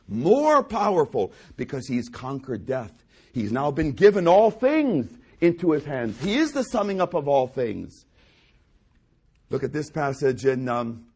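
A man's voice: fairly high pitch, darkish tone, husky. A man preaching a sermon as pastor, speaking emphatically, repeating key phrases and quoting scripture.

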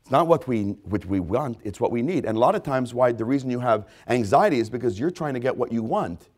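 A man preaching a sermon, swinging between loud, emphatic repetition and low, hushed asides. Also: lively intonation, a little fast. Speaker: pastor.

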